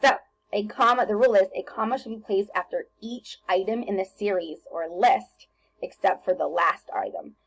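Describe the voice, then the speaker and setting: A woman teacher talking students through a recorded grammar lesson on slides, relaxed and chatty with lots of ums and self-corrections. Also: medium pitch, normal speed, low-quality recording.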